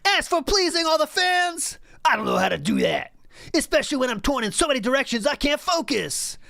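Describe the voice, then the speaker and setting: A woman's voice: high voice, very animated, brisk, gravelly, bright, forceful tone, dry recording, studio quality, pitched above the performer's own voice, exaggerated voice. A woman voicing a frazzled male gamer who rants and whines at length, in an exaggerated mocking tone. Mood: whiny mockery.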